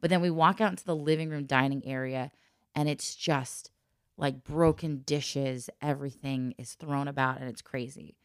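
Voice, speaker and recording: A guest with a low voice shares a personal story in easy, casual conversation, lively and laughing often as she slips into the voices of people she quotes. She speaks at a moderate pace with a clean tone, and the recording is close and dry with no room sound.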